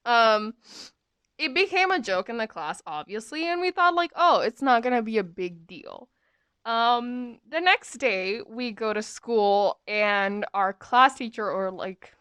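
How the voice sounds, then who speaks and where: A woman's voice: on the high side, a bit bright, no room sound, clean studio sound. A young adult woman hosting a podcast, rambling through stories in a chatty, casual way with lots of fillers. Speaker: podcast host. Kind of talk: casual storytelling.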